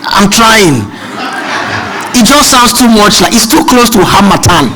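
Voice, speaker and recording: High-voiced Nigerian man telling funny stories. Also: a little slow, a crowd in the background, noisy background. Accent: Nigerian, mixed with British. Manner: animated, self-mocking. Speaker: seminar speaker. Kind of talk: humorous storytelling speech.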